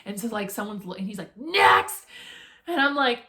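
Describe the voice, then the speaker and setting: A young woman vlogging, chatty and animated as she tells a story and acts out her own nervous reactions. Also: mid-range voice, fast. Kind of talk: casual storytelling to camera.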